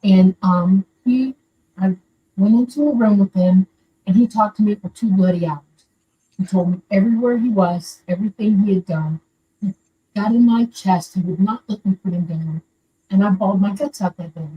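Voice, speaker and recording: A woman's voice: mid-range voice, moderate pace, lo-fi sound. An older woman from Florida calling in to share a personal story, talking in an earnest and rambling way. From Florida, USA. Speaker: caller sharing a story. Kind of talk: casual storytelling. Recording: distant mic with faint background noise.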